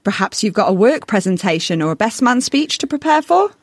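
Woman, sassy ad read, husky, dry sound. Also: mid-range voice, very animated, fairly quick, dry recording. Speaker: voice coach in an ad. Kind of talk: scripted ad read.

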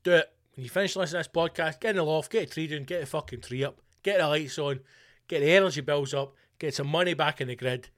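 A Scottish man hosts a podcast from a home room, ranting comically with foul language and mock-political swagger. His voice is slightly high and fairly bright, and he talks at a quick pace.

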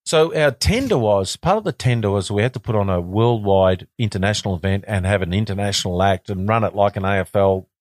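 A man's voice: fairly low pitch, fairly quick, hardly any pauses, no echo, studio quality. Chatty Australian man telling stories. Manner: animated, repeats words and restarts. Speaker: guest, former cricketer. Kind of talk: casual storytelling.

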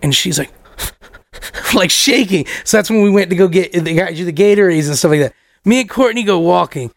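A young man spins a wild story in casual talk, his voice high and gravelly with plenty of fry. He swears freely and laughs as he goes, and the sound is dry and close, with no room echo. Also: moderate pace. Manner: animated, profane, laughs through the story. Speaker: podcast co-host telling a story.

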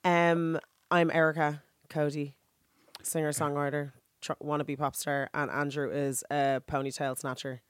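A woman with a husky voice, a singer co-hosting a podcast in easy, teasing banter. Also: low-pitched, level tone, unhurried, no room sound. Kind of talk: casual chat.

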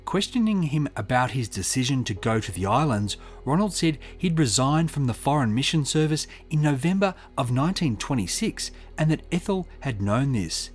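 A man giving measured, scripted true-crime narration and reading out quotes. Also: mid-range voice, animated, faint music behind. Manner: measured, reads quotes aloud.

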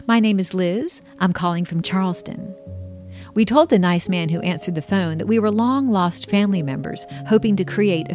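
A woman's voice: medium pitch, warm tone. Woman reading her own memoir aloud. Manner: conversational storytelling, acts out the dialogue. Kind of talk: audiobook memoir narration.

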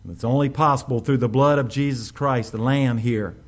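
A male pastor, preaching a sermon with sudden swells in volume and slowed, stressed phrases. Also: mid-range voice, fairly even intonation.

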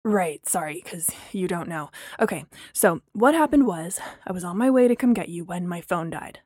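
A woman voicing a young man who jokes wryly and apologizes in a low-key way, in an audio drama reading. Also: lively intonation, moderate pace, a little mellow, husky, no echo, studio quality. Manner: sheepish, wry, low-key.

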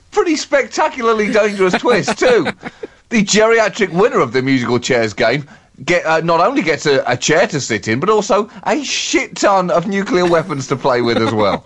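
A man co-hosting a comedy podcast, speaking in brisk, sardonic satirical banter and laughing at his own jokes. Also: mid-range voice, animated.

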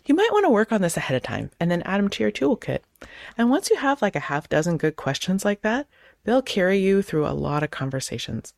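A woman host in her thirties giving casual advice on conversation, acting out both sides of sample chats in quick changes of voice. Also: medium pitch, sing-song, creaky, darkish tone, dry recording, studio quality. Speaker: podcast host; clergy.

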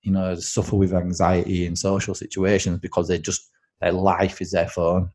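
A man's voice: low-pitched, completely flat delivery, normal speed, a little mellow. A man chatting on a podcast, blunt and opinionated with a joking edge. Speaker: podcast co-host. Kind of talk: casual podcast chat.

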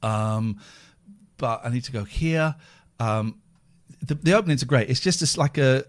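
A man hosting a casual podcast, animated and prone to repeating himself with stammering restarts. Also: mid-range voice, unhurried. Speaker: podcast host. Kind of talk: casual chat.

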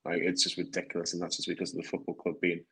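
A man's voice: low-pitched, monotone, rapid-fire, gravelly, pushed and bright, slightly rough, low-quality recording. A man co-hosting a football podcast, teasing and enthusiastic in casual chat. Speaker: podcast co-host.

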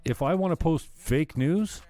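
A man's voice: on the high side, unhurried, dark tone, dry recording, faint music behind. A man ranting bluntly on a livestream, swearing and mocking people as he chats. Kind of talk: profane ranting chat.

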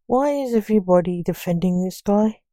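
A woman's voice: mid-range voice, lively intonation, moderate pace, warm tone, no room sound, clean studio sound, close to an everyday voice. A woman voicing a curt, overbearing male boss in a storybook reading, snapping out orders. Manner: snappish, commanding.

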